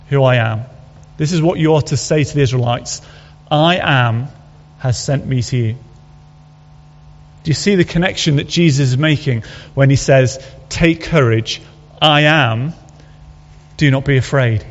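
A man's voice: on the high side, a little slow, pauses often. A man preaching a sermon, earnest and conversational, asking his listeners rhetorical questions. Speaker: pastor. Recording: dull audio with long hall reverb.

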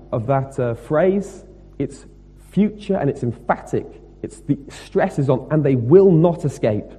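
A man preaching a sermon, emphatic and rhetorical, moving between loud stressed points and quieter asides. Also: a little high, slightly rough. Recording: long reverb of a hall.

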